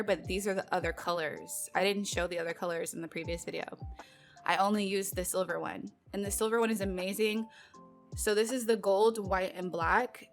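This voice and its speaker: A chatty woman vlogger runs through a haul of nail supplies in loose, filler-heavy talk, peppered with playful exasperation. Her pitch sits in an ordinary middle range. Soft music plays faintly underneath. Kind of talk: casual product unboxing chat.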